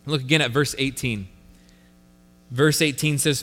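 A man's voice: on the high side, big pitch swings, unhurried, fairly bright tone, long reverb tail. A male pastor preaching a sermon, earnest and repeating key phrases for emphasis. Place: church sanctuary.

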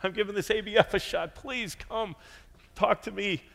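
A man voicing a lonely, shy newcomer who begs in a high, plaintive voice for someone to talk to him. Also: steady tone, normal speed, vocal fry, fairly bright tone. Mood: pleading. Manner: pleading, high-pitched plaintive voice. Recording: reverberant church hall.

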